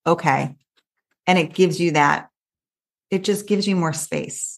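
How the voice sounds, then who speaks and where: A woman coach talks in a casual interview, her voice sitting a little low. She tells stories in an animated, quick way, full of asides. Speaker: coach, podcast guest.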